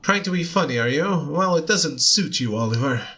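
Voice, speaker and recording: A sardonic young thief. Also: male voice, a little high, expressive, moderate pace, sharp tone. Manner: sardonic, defensive.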